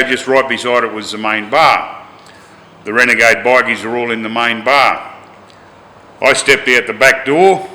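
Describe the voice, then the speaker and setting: An older Australian man telling a rough-and-tumble story from his past in a colloquial, animated, yarn-spinning way. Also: mid-range voice, long reverb tail, poor audio. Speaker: interviewee. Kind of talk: storytelling anecdote.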